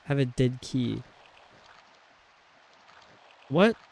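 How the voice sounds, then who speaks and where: A man's voice: mid-range voice, lively intonation, extremely slow, vocal fry, darkish tone. A man streaming a video game, chatting casually and rambling with lots of fillers. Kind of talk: casual chat while playing a video game.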